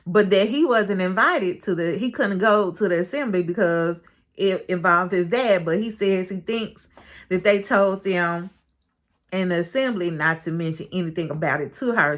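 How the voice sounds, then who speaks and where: Woman doing a casual show recap, expressive, tells it like gossip. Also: on the low side. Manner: chatty and expressive, calls listener "baby"; retells scenes with quoted dialogue.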